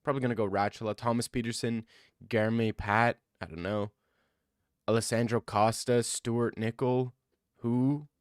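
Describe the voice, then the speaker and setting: A man chatting casually about fights, thinking out loud as he goes and often breaking into excited rants. His voice sits in an ordinary middle register. The sound is close and dry, with no room echo. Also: mid-range voice, moderate pace, clean tone. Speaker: MMA commentator. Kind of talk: casual fight-card commentary.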